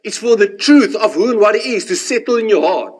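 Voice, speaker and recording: A man, preaching a sermon and telling his own story, animated in the dramatic parts and hushed in the reflective ones. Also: high-pitched, a little fast. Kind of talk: sermon with personal testimony.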